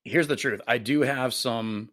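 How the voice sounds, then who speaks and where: A man's voice: mid-range voice, a little slow, fairly bright tone. A man chatting as a guest musician on a podcast, laid-back and hesitant, with plenty of fillers and dry humor. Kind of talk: casual interview chat.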